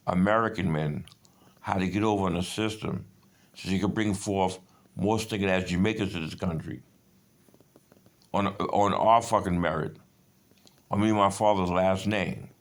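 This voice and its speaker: A man's voice: deep voice, normal speed, pauses often. A man in his fifties in a rambling personal monologue, agitated and profane, jumping between stories. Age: 50s. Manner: agitated, profane, digressive storytelling.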